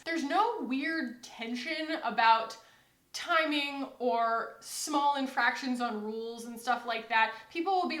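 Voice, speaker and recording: A young American woman vlogs casually to the camera in a fairly high voice, rambling and slipping into animated asides where she quotes other people. The beauty vlogger is recorded in an echoey room.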